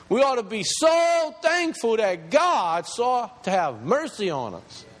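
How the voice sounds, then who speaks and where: A male pastor preaches with a high, strongly varied voice that climbs as he presses his points. His words ring out with a long reverb, as if in a large church hall. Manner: impassioned preaching, rising pitch as he builds. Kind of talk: sermon.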